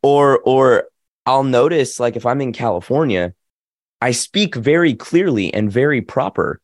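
A young man with a light Southern accent talks easily and jokes his way through a video-call interview. His voice sits at an ordinary middle pitch. The sound is dry and close, with no room around it. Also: measured pace, dry recording. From Nashville, Tennessee. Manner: chatty, joking, animated storyteller. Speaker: actor and musician, interview guest.

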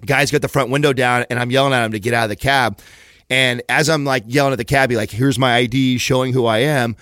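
A man casually telling a story on a podcast, profane and animated, acting out the quotes. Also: medium pitch, quick pace, no echo, clean studio sound.

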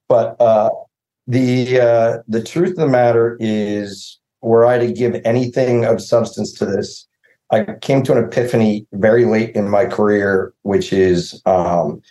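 A man's voice: mid-range voice, fairly even intonation, a little slow, mellow. Rambling man on a video call, echoey. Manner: rambling, self-deprecating storyteller who laughs often. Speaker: showrunner guest. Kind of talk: casual podcast chat over video call.

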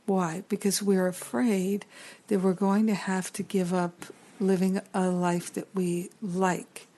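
A woman's voice: medium pitch, flat delivery, slow, warm tone. A middle-aged woman giving an earnest, reflective spiritual teaching talk as a teacher and counselor. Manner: earnest, reflective, builds long lists.

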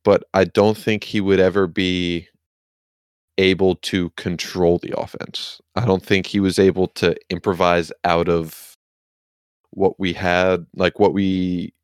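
A man's voice: sits low, little pitch movement, a little slow, smooth, dry recording. A man co-hosting a casual sports podcast, rambling and swearing casually, with a self-deprecating streak and the hiccups. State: has the hiccups. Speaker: podcast co-host.

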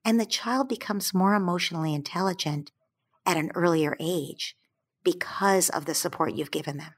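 A woman with a slightly low voice talks through parenting advice in an interview. She sounds gentle and soothing, and she slows down to land her key points. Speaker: parenting expert guest. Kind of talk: calm explanatory advice.

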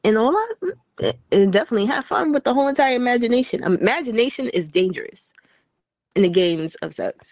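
A woman's voice: a little high, brisk, dry recording. A woman co-hosting a podcast, telling candid stories with slang in casual banter. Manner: candid, animated storytelling with slang. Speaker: podcast co-host.

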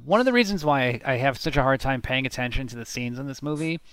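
A man's voice: medium pitch, animated, quick pace, fairly bright tone, smooth, no room sound. A man co-hosting a casual movie podcast, opinionated and blunt, swearing freely as he picks apart scenes. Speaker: podcast co-host. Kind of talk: casual movie-commentary chat.

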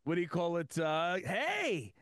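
A man's voice: a little high, huge pitch swings, measured pace, fairly bright tone, no room sound. Rambling joking man on a dry mic. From US East Coast. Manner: rambling, self-deprecating, joking. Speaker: podcast co-host. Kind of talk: casual chat.

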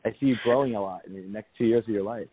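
Fast-talking male psychic show host. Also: lowish voice, husky, no room sound. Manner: quick, reassuring, repeats phrases. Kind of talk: call-in show readings. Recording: tinny phone line.

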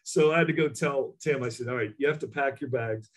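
A middle-aged man, a former basketball coach, telling recruiting stories in an animated way, acting out other people's lines. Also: medium pitch, brisk. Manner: animated storyteller, acts out voices. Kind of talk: casual chat.

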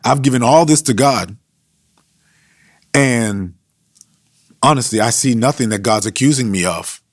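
A preacher voicing an earnest protesting sufferer. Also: male voice, mid-range voice, a little slow, no echo, clean studio sound, lightly acted. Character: suffering man insisting on his innocence.

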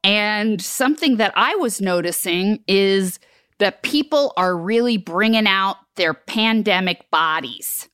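A woman's voice: mid-range voice, animated, slow, fairly bright tone, clean tone, dry recording, clean studio sound. A woman playing a cranky, impatient podcast co-host who talks in a blunt, sarcastic and foul-mouthed way. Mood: snarky.

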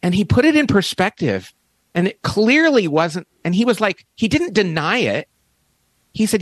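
A man's voice: sits high, sing-song, moderate pace, no room sound. A man in his fifties, a podcast guest, telling a story with enthusiasm and emphatic restarts. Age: 50s. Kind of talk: animated storytelling in conversation.

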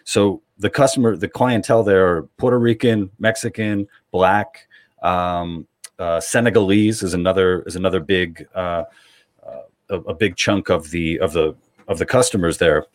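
A man's voice: low voice, fairly even intonation, normal speed. A man from New York hosting a podcast, talking in casual chat with many hesitations and repeats. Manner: hesitant, many uhs and repeats, then punchy jokes. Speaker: podcast host.

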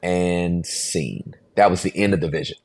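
A man's voice: sits low, measured pace, no echo. A man in his forties, a pastor and podcast guest, telling a story animatedly and acting out voices. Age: 40s. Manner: animated storyteller, acts out voices, laughs often.

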